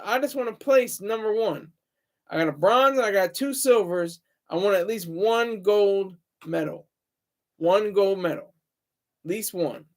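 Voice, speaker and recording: A man talking alone on his livestream, rambling and opinionated, often stopping to correct himself. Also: high-pitched. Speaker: streamer. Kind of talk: casual solo livestream monologue.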